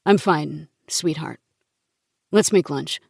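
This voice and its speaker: A woman reading the lines of a grim, deep-voiced father, speaking low and restrained in an audiobook. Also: slow, creaky, darkish tone, breathy edge, dry recording, studio quality, exaggerated voice. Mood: weary.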